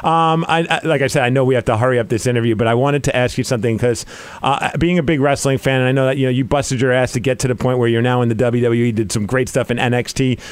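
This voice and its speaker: A man of forty hosting a casual interview, an excitable and eager fan. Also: mid-range voice, quick pace, clear, resonant tone, dry recording. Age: 40s. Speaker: podcast host.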